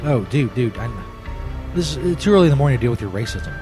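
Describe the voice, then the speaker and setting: A man's voice: medium pitch, lively intonation, fast. A male radio host with a crude, irritable and mock-outraged way of talking, on a comedy show. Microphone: studio microphone. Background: faint music.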